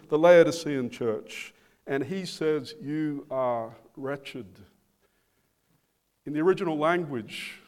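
A man preaching a sermon, slow and emphatic, repeating phrases for weight. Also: mid-range voice, a little mellow. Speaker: pastor.

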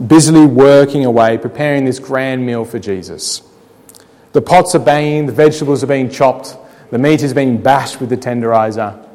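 A man preaching a sermon, telling the story dramatically with rhetorical questions, slowing down and dropping quiet to make points. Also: mid-range voice. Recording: long hall reverb.

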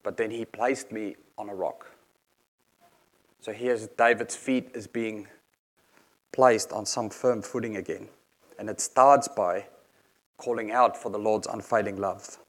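A man's voice: lowish voice, fairly even intonation, unhurried, pauses often. Earnest male preacher reading scripture. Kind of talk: sermon.

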